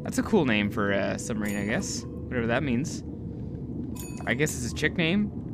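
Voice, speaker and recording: A young man giving live gameplay commentary, talking to himself, excitable and swearing often. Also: medium pitch, normal speed, background noise. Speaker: gaming video host.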